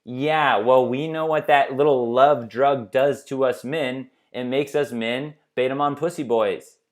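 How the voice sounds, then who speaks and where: Male host, middle-pitched voice, emphatic rambling commentary, keeps checking in with the listener. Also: steady tone, a little slow. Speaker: dating coach host. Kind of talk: opinionated commentary monologue.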